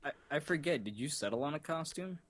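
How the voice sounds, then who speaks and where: A man's voice: fairly high pitch, expressive, fast, no echo. A man co-hosting a podcast, trading crude wisecracks in casual chat. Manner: wisecracking, profane. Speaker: podcast co-host.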